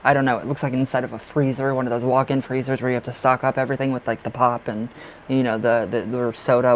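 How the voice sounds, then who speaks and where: A man's voice: mid-range voice, a little hiss or hum, low-quality recording. A man hosting a live tarot reading stream, chatting casually and expressively with viewers and laughing often.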